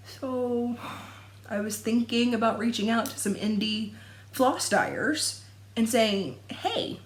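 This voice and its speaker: A young adult woman chatting casually to camera about her stitching, rambling and laughing often. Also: medium pitch. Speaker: cross-stitch vlogger. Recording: echoey room.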